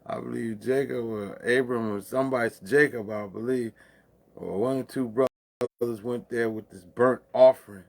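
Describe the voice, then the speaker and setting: A man's voice: mid-range voice, fairly even intonation, normal speed, gravelly. A man hosting a casual late-night monologue, with loose, profane, preachy street talk, laughing at his own jokes. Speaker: livestream host.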